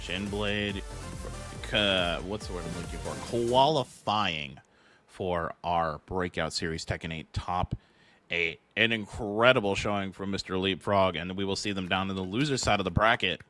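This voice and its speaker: A man's voice: low voice, moderate pace, sharp tone, dry recording. Hyped young man commentating over music. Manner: hyped, casual, says bro and dude. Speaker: esports commentator. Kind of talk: fighting game play-by-play commentary. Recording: strong music bed behind.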